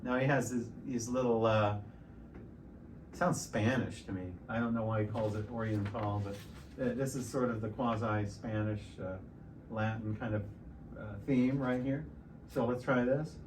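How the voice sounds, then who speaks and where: A middle-aged man teaching piano in a relaxed, explanatory way, stopping and restarting often. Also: fairly low pitch, moderate pace, background noise. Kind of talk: casual piano tutorial. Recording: piano loud in the background.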